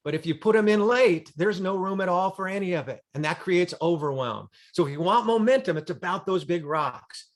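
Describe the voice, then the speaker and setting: A man's voice: high voice, lively intonation, brisk, few pauses. A man giving a motivational talk on a group call, telling a story with dramatic, emphatic repetition. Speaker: motivational speaker. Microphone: video call.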